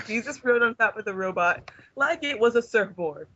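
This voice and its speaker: A young man reading fanfiction aloud to friends in a deadpan manner, trying not to laugh. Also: very high-pitched, measured pace, dull audio. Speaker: reader among friends.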